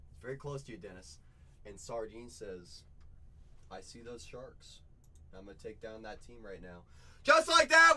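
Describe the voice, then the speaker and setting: A man's voice: medium pitch, fairly bright tone. A man hosting a live card break, hyping sales in a chatty, repetitive way and saying y'all a lot. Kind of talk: live-stream sales hype.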